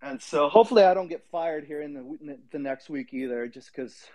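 A man's voice: a little high, brisk, crowd noise. A man from a crypto community, chatting cheerfully and joking on an online call. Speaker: community member. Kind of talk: casual chat on an online audio call.

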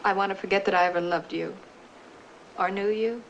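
An actress playing a tearful, wounded wife. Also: female voice, medium pitch, fairly even intonation, fairly quick, dull audio, slight background noise, natural voice. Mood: bitter. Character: hurt wife confronting her unfaithful husband. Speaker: actress in a 1960 film. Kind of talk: 1960 Hollywood film acting.

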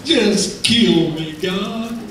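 A man voicing an ancient male prophet who pleads with God in a drawn-out way, heard from far off in an echoey hall. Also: sits high, a crowd in the background. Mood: despairing.

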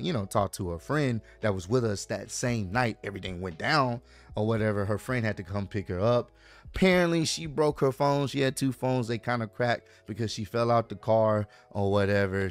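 A young man vlogging, telling a personal story in a casual, slangy, animated way and talking straight to his viewers. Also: medium pitch.

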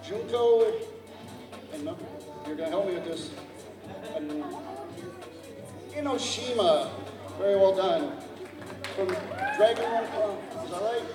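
A man's voice: high-pitched, animated, slow, long pauses. A man emceeing a cosplay contest live, joking and stumbling over contestants' names as he asks the crowd for help. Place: large convention hall. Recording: echoey hall, mic from far off, music and crowd behind. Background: music and a cheering crowd.

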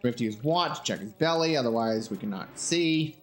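A man giving relaxed, rambling commentary as he plays through a game. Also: medium pitch, fairly quick. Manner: relaxed, rambling, with fillers and swearing. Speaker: gamer. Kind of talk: casual game walkthrough commentary.

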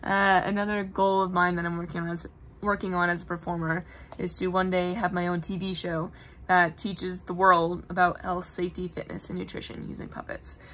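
A woman's voice: on the low side, flat delivery, moderate pace, fairly bright tone, slight background noise. A young adult woman, a puppeteer, telling stories in casual, earnest chat. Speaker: puppeteer guest. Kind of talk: casual chat on a live web show.

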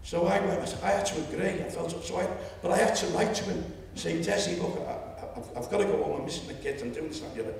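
Seventies Liverpool man, gravelly, public speech, roomy distant hall sound. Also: fairly high pitch, expressive, quick pace, few pauses, a little hiss or hum. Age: 70s. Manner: storytelling, rising to loud indignation. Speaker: public meeting speaker. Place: lecture hall. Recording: echoey hall, distant mic.

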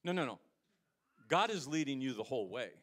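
A man preaching a sermon as pastor, with an American accent, swinging between loud emphatic lines and quiet low asides. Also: sing-song, a little fast.

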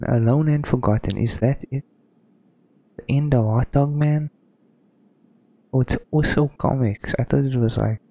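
A man's voice: medium pitch, vocal fry, dark tone. A man giving casual, rambling let's-play commentary, hesitant and full of ums. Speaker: gaming streamer.

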